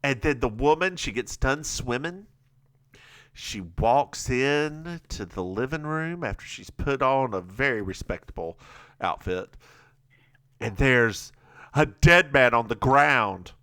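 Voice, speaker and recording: A podcast co-host from the United States, recapping an episode in a campy, theatrical way and laughing often. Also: male voice, mid-range voice, lively intonation, takes it slowly, sharp tone. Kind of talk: casual comedic recap chat.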